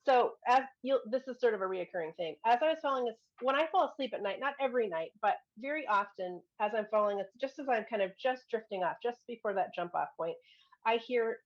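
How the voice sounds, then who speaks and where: A woman's voice: a little high, lively intonation, brisk, dull audio. A woman guest telling a personal story in a casual chat, earnest and rambling. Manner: earnest, rambling, with frequent restarts and giggles. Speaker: guest, client.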